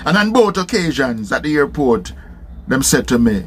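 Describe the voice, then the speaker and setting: Animated Jamaican man telling a story. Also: medium pitch, measured pace, a little hiss or hum. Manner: animated, patois, rhetorical "seen?" tags. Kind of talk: casual storytelling.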